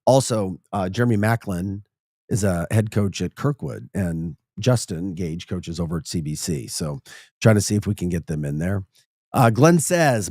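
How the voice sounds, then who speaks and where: Midwest morning host, St. Louis accent, low-pitched, dry close studio sound, laughs at own stories. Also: male voice, animated, moderate pace, darkish tone, dry recording. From St. Louis area, Midwest. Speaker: radio show host. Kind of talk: casual morning radio chat.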